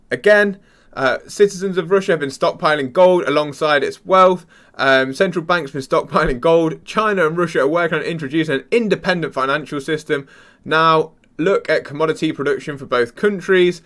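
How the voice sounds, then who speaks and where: A young man hosting a crypto channel, talking casually and excitedly to viewers, rambling and stumbling as he searches for words. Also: fairly high pitch. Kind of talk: casual excited commentary to camera.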